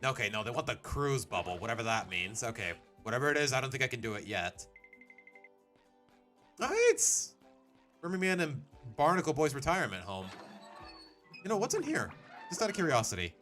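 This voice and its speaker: A man's voice: mid-range voice, sing-song, quick pace, pushed and bright, faint music behind. Chatty young male game streamer. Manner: chatty, self-mocking, rambling. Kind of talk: casual live-stream commentary.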